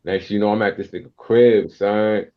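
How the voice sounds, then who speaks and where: A man from Queens in his forties with a New York accent, a podcast guest telling stories in a casual, streetwise, animated way. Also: on the low side, moderate pace, dull audio. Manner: animated, streetwise storyteller who acts out quotes. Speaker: guest rapper and producer.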